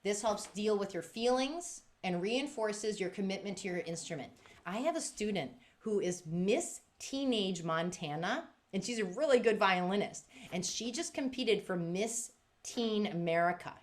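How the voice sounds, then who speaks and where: A woman presenting a workshop for music teachers, talking in a lively, emphatic way and acting out quotes with big jumps in pitch. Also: moderate pace.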